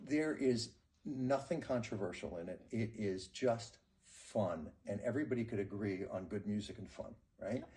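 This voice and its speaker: A man chatting casually as an interview guest, friendly and laughing often, with some halting restarts. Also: on the low side, warm tone. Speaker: interview guest, performer in a musical.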